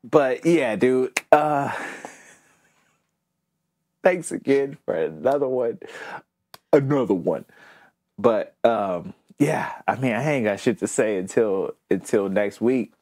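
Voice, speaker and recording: Man, podcast co-host, husky, lively up-and-down pitch, casual profane banter. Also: slow, long pauses, no echo, clean studio sound. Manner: loose, profane, laid-back banter. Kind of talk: casual chat.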